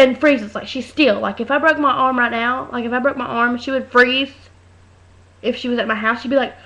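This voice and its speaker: Woman vlogger, high voice, loud and chatty, tells stories and mimics people; dull webcam audio. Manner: chatty storytelling, acts out voices, talks loud. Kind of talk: casual webcam rant. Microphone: webcam mic.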